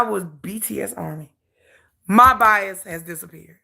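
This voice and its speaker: A woman hosting a K-pop channel livestream, telling a dramatic, salty story with animated humor. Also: mid-range voice, measured pace, creaky. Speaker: K-pop YouTube channel host. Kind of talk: casual livestream rant.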